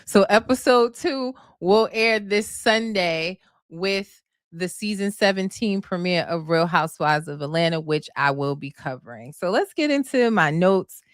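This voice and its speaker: A woman's voice: lowish voice, lively intonation, measured pace, no echo, clean studio sound. A woman chatting casually to her viewers, recapping a reality show and gushing about the cast, calling them y'all and honey. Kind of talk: casual chat.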